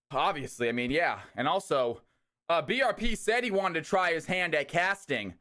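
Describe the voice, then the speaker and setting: A young man hosting a community game night on a live stream, chatting casually and breaking into excited cheers. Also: fairly high pitch, a little slow. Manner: excitable, shouts and cheers on sudden hype.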